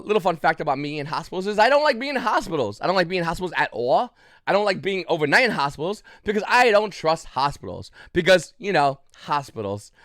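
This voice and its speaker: Male vlogger, breathless and coughing, rambling story to camera, fairly high pitch, dry mic. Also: fairly bright tone, dry recording. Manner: rambling, with many restarts and coughs. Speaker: YouTube channel host.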